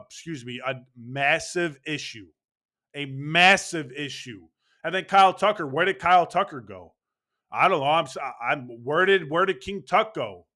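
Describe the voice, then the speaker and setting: This is an angry, sarcastic rant by a baseball fan over his team losing, full of swearing. His voice is fairly high-pitched, pushed and bright.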